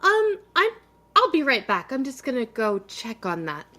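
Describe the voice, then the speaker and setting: A woman putting on a squeaky flustered young train worker. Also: wildly swooping pitch, moderate pace, sharp tone, exaggerated voice. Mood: alarmed. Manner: high nervous stammer.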